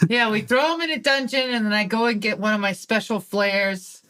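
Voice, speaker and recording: A tabletop game player with a bright, sharp tone and an easygoing, joking manner. The voice sits mid-pitch and talks in a relaxed way to the group. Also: a little fast.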